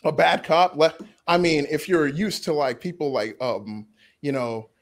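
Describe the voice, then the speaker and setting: A man's voice: a little high, measured pace. A man making a rambling, emphatic case in a casual podcast debate.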